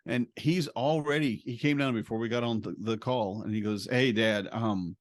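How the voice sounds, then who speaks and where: A middle-aged man co-hosting a podcast, telling a family story with lively acted-out dialogue and laughter. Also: mid-range voice, brisk, no echo, studio quality. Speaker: podcast co-host, stay-at-home dad. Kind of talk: casual storytelling chat.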